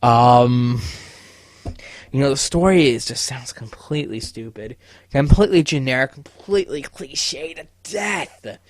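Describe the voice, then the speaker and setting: A young man hosting his own podcast, venting in a loose, profanity-heavy rant. He often stumbles and restarts his sentences. His voice sits at an ordinary pitch, recorded dry and close. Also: expressive, a little slow, dry recording. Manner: heavy swearing, stammering restarts. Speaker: podcast host. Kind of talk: casual solo podcast rant.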